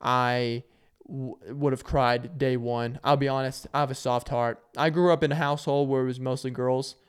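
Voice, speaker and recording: Smooth-voiced young man telling stories. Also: mid-range voice, steady tone, moderate pace. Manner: rambling and self-deprecating, acting out quotes in loud voices. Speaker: podcast host. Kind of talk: casual solo storytelling.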